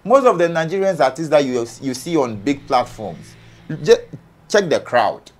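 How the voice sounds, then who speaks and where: A Ghanaian man on an entertainment panel argues heatedly in a slightly high, sing-song voice at normal speed. He's forceful and keeps firing off rhetorical questions.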